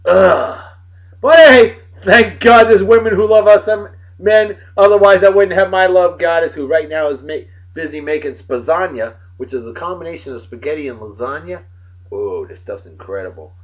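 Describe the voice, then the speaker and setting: A man in his forties hosting a casual beer review vlog, with loud, joking, exclamatory banter. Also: on the high side, dull audio. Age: 40s.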